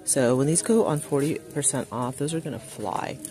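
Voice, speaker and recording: A man's voice: medium pitch, moderate pace, dark tone. A man chatting casually and enthusiastically as he walks through a large craft store, reading out prices into a handheld phone. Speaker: shopping vlogger. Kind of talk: casual shop-with-me walkthrough.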